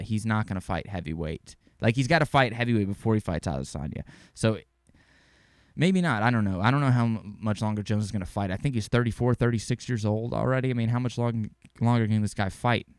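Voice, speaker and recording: A young man hosting a casual sports podcast, rambling and excitable with the odd curse. His voice sits a little low and sounds smooth and resonant. The recording is close and dry. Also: dry recording. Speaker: podcast host.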